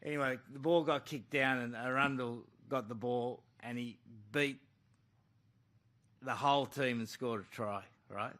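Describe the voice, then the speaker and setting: A man's voice: mid-range voice, unhurried, fairly bright tone. A man, a rugby coach, answering reporters at a press conference in a blunt, conversational way. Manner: blunt, conversational, calls people mate. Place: press club room.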